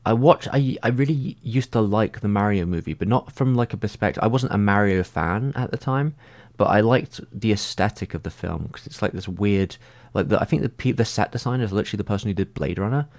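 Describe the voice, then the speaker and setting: A man in a casual livestream, answering viewer comments and thinking out loud, filling his talk with "like" and frequent restarts. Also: fairly low pitch, fairly quick. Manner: rambling, heavy use of "like".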